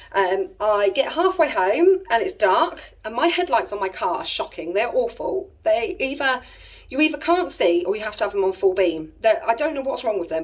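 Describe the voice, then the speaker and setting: A woman in her thirties with an English accent rambles through a family story in casual chat, adding exasperated asides. Her voice is mid-range and slightly rough, and as a family vlogger she sits a little distant from the mic.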